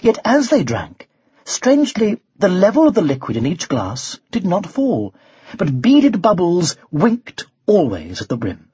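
A man narrating a children's story as an audiobook, in an expressive, animated telling. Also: high-pitched, a little slow, husky, no echo, dull audio.

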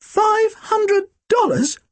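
A man voicing a hapless, overeager young man, the narrator's big brother, who talks in a squeaky, flustered way. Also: big pitch swings, drawn-out words, no echo, heavily acted. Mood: astonished.

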